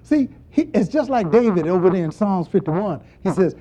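Impassioned preacher with a swinging voice. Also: male voice, big pitch swings, moderate pace, hardly any pauses. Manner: impassioned, swings from quiet asides to high hollering. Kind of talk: sermon.

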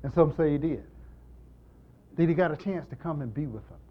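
A man preaching a sermon in an animated, emphatic style, repeating lines and moving between loud and hushed delivery. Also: on the high side, fairly quick, dull audio. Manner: repetitive, emphatic call-and-response delivery.

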